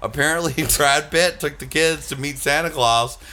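A man's voice: fairly high pitch, normal speed, pushed and bright. A man hosting a casual comedy chat, reading celebrity gossip aloud with sarcastic, mocking asides. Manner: sarcastic, mocking, bursts into silly put-on voices.

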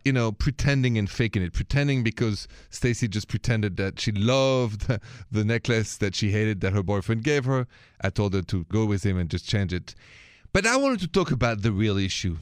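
A man's voice: lowish voice, no room sound, clean studio sound. A middle-aged man with a thick Parisian French accent, hosting a radio advice show in a chatty, playful way and slipping in French words. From France.

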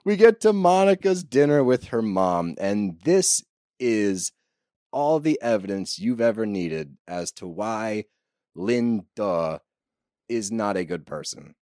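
Man, podcast co-host, lively swinging pitch, sarcastic, close dry mic. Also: dry recording. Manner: animated, sarcastic, swears often. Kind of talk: casual recap chat.

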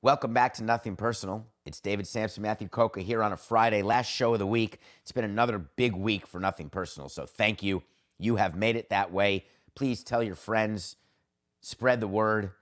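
A man hosting a podcast, telling a story in an animated, rambling way with excited asides. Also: medium pitch. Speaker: podcast host. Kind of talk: casual chat.

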